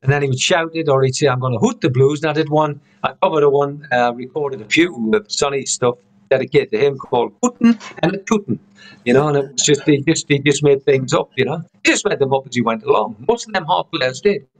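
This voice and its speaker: A man with a somewhat high voice teaching harmonica over a video call. He talks in a loose, rambling way, restarting phrases and tagging on "you know". The sound comes through a home computer mic. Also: animated, fairly quick. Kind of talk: casual online lesson.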